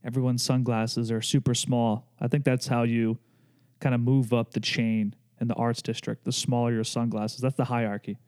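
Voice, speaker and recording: A young man talks casually as a podcast host. His voice is mellow and dark, and he rambles in a loose, joking way with plenty of fillers. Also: mid-range voice, little pitch movement, moderate pace, smooth. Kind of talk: casual chat.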